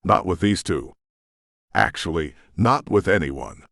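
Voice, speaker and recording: A man's voice: low-pitched, sing-song, a little slow, creaky, a bit bright, no room sound, clean studio sound, heavily acted. A man voicing a guarded male shifter leader in an audiobook, level and commanding. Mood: stern.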